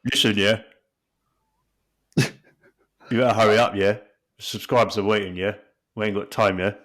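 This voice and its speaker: A man's voice: fairly low pitch, fairly even intonation, unhurried, a bit bright. A man voicing a cocky London footballer-pundit figure who pads every sentence with "yeah?" and "bruv". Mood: impatient. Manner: repeats "yeah?" and "bruv" tags.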